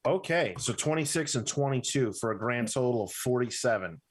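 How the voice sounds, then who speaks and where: A man running a tabletop game as game master, narrating scenes in a slow, deliberate way. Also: medium pitch, expressive.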